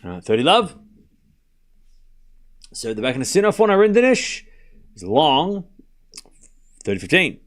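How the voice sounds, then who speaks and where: A man with an Australian accent hosts a live tennis watchalong, calling each point as it happens. His voice sits a touch high and swings up and down a lot. He keeps it casual and chatty and laughs easily at his own slips. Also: sing-song, a little slow, long pauses, fairly bright tone. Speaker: stream host calling scores.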